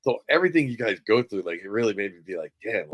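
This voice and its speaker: A man's voice: on the low side, very animated, quick pace, poor audio. A man co-hosting a podcast, chatting bluntly and casually with some swearing. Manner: blunt, swears, self-deprecating. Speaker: podcast co-host. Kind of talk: casual chat.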